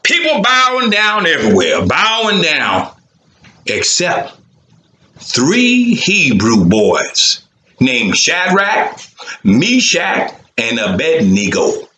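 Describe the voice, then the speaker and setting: A man's voice: on the high side, huge pitch swings, slow pace, pushed and bright, echoey room, low-quality recording. A man telling a Bible story to children in a theatrical, rhythmic way.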